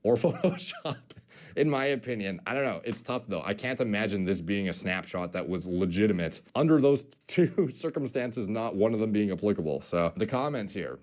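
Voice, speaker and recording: A man's voice: on the low side, lively intonation, moderate pace, darkish tone. A man giving casual commentary in a video, rambling with lots of fillers and swearing. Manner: rambling, filler-heavy, profane.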